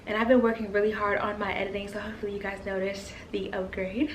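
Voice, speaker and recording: A woman's voice: mid-range voice, flat delivery, fast talker, few pauses. Chatty woman vlogging in echoey bedroom. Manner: chatty, gushing, addresses viewers as you guys. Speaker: lifestyle vlogger. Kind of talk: casual chat to camera. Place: bedroom at home. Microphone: camera on the floor at eye level. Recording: echoey room with faint hum.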